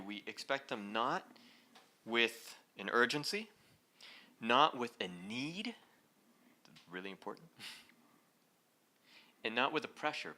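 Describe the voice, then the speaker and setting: A man giving an inspirational talk to a live audience, telling a story in a lively way and laughing often. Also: mid-range voice. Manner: animated, laughing as he acts out the story. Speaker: speaker leading a heart talk. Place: event hall.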